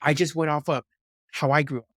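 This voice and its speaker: A man's voice: a little high, steady tone, brisk, a bit bright, dry recording, studio quality. A man hosting a podcast, speaking in an encouraging, emphatic way and repeating words as he talks. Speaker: podcast host. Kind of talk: conversational interview.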